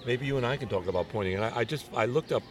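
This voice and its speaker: A man's voice: medium pitch, rapid-fire, crowd noise. A man hosting a casual chat outdoors in a garden, playful and jokey, now and then acting out little voices. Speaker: show host.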